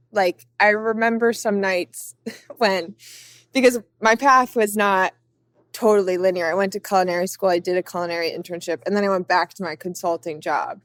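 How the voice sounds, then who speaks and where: A young woman chats freely as a podcast guest, scattering "like" through her sentences. Her voice sits at an ordinary middle pitch. The sound is dry and close, with no room around it. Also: no room sound. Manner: chatty, many "like" fillers. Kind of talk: casual conversation.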